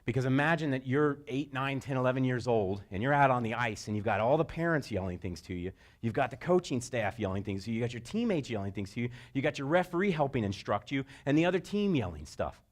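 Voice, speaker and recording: A middle-aged man giving a motivational talk to sports parents, telling stories and jumping into high shouted voices for quotes. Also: quick pace, few pauses. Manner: animated storyteller, jumps into high-pitched shouted voices for quotes. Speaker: speaker.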